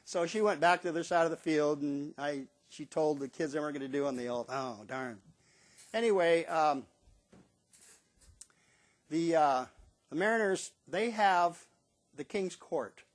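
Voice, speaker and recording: A man's voice: fairly high pitch, normal speed, long pauses. A man in his seventies telling stories in a casual monologue about his years as a stadium bugler, acting out what people said in a raised voice. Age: 70s. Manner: animated storyteller who acts out quotes in a raised voice.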